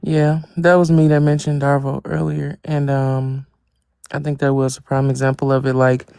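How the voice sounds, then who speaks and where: A man taking part in an online panel discussion, explaining his point in a measured way. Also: medium pitch, little pitch movement, vocal fry, mellow, clear, resonant tone, no echo, clean studio sound. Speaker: panel participant. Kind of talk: casual discussion.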